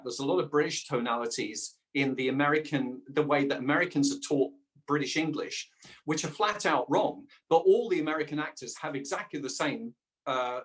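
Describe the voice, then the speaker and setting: A middle-aged man, a dialect coach and voice actor, chatting lively as a guest. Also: a little high. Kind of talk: casual conversation.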